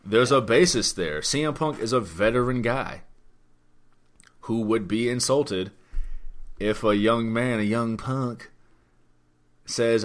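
A man's voice: medium pitch, slow, pauses often. A man hosting a podcast, talking through wrestling news in a rambling, emphatic way with lots of rhetorical questions. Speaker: podcast host. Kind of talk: casual wrestling chat.

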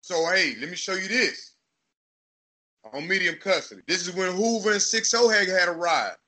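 A man with a Texas accent tells stories in a loose, profane, animated way, acting out the voices of others. His voice sits high and rings very bright and forward. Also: normal speed. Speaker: podcast host. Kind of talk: casual storytelling chat.

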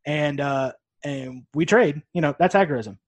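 Loose, swearing man talking shop on a podcast, higher-pitched, dry close sound. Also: normal speed, dry recording. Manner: laid-back, profane, rambling. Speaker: podcast co-host. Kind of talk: casual chat.

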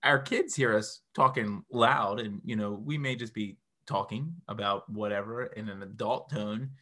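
A man's voice: fairly low pitch, a little slow, sharp tone. A man co-hosting a casual couples podcast with his wife, mostly adding short remarks and laughing along. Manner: brief interjections, laughs along. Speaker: podcast co-host.

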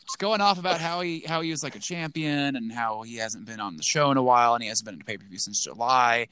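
A man's voice: medium pitch, animated, fast talker, pushed and bright, smooth, no echo. A man co-hosting a casual podcast, rambling with lots of "like" and restarts. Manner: rambling, full of "like" and restarts, acts out quotes in a goofy voice. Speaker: podcast co-host. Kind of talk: casual chat.

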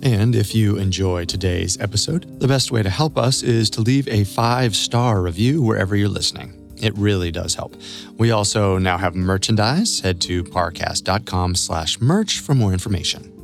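A man co-hosting a podcast, narrating a scripted story in a measured, solemn way. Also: on the low side, gravelly, soft background music. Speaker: podcast co-host.

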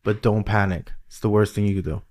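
A man's voice: on the low side, steady tone, fast, darkish tone. A middle-aged man hosting a podcast, chatting casually and telling stories animatedly, often repeating words. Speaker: podcast host. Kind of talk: casual conversation.

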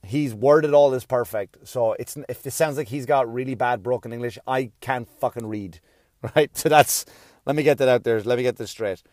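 A man's voice: medium pitch, normal speed, a little mellow, no echo. Guy rambling on his podcast, swears a lot, kinda self-deprecating, dry close mic sound. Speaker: podcast host. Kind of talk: casual podcast monologue.

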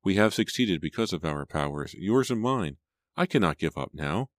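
A man's voice: sits low, expressive, normal speed, no room sound. A man narrating an audiobook voices a woman mystic who follows the spirits and talks in a dreamy, insistent way. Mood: otherworldly.

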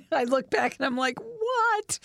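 A woman who hosts radio and a podcast, telling stories in casual chat with an animated, enthusiastic manner. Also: high voice, gravelly, no echo, clean studio sound. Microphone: studio mic.

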